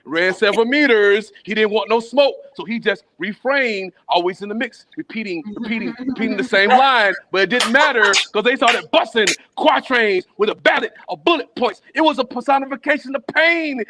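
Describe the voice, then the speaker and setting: Man, spoken word poet, high voice, rhythmic, playful, low murmurs and shouts, video call. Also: moderate pace, hardly any pauses. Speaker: open mic poet. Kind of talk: spoken word poetry performance.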